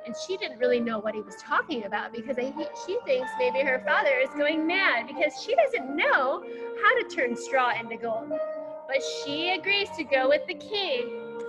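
A woman teaching a children's ballet class, telling a story in an animated, encouraging way. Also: sits high, rough recording. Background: music.

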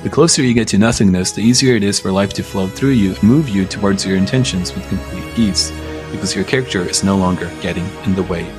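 Speaking quickly in a low voice over music, a man delivers a persuasive motivational monologue. He keeps it blunt and casual, stressing his points and swearing often.

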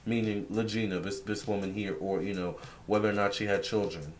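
A man's voice: fairly low pitch, steady tone, brisk. A young man giving a casual psychic reading, relaying what a spirit tells him with many fillers and restarts. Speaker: tarot reader.

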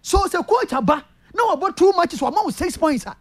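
High, lively Ghanaian football pundit. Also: brisk. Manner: passionate, repetitive, keeps addressing the host by name. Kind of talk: sports talk discussion.

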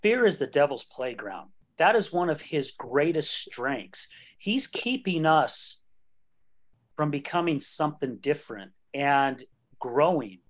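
A man's voice: a little high, lively intonation, takes it slowly. A man in his late fifties hosting a podcast, talking candidly and joking, laughing often. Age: late 50s. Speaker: podcast host. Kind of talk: casual conversation.

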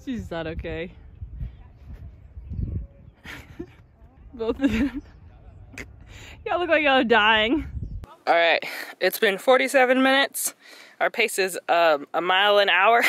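A woman's voice: a little high, animated, takes it slowly, pauses often, fairly bright tone, no room sound. A young woman vlogging a hike on a mountain trail outdoors, bubbly and playful, a little out of breath, talking into a handheld camera. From United States. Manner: bubbly, playful, laughs often. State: out of breath from hiking. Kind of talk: casual vlog narration.

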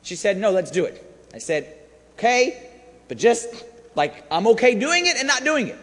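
A man preaching a sermon as a priest, telling a story with animated swings from hushed to shouting. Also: high voice, moderate pace. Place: church. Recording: long church reverb.

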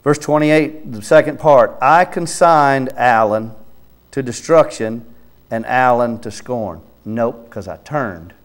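A man's voice: mid-range voice, takes it slowly. A man preaching a sermon in church, reading scripture aloud emphatically and commenting on it. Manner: reads scripture aloud with his own name inserted, then comments; emphatic, rising to loud exhortation. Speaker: pastor. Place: church sanctuary.

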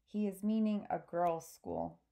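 A woman voicing a big, gentle male giant who speaks in mangled, made-up grammar, reading aloud from a storybook. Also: medium pitch, big pitch swings, a little slow. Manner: gentle, ungrammatical, invents odd words.

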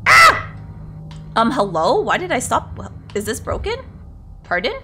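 A woman's voice: a little high, very animated, normal speed, fairly bright tone, a little hiss or hum. A woman streaming a video game, chatting to herself and her viewers and swearing often as she plays. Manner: chatty, swears a lot, talks to herself and chat. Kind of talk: casual gameplay commentary.

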